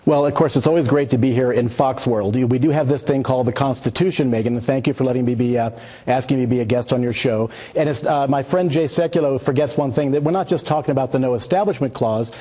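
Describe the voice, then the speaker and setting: A man arguing as a guest on a cable news debate, combative and quick to talk over the host. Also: mid-range voice, warm tone. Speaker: guest advocate.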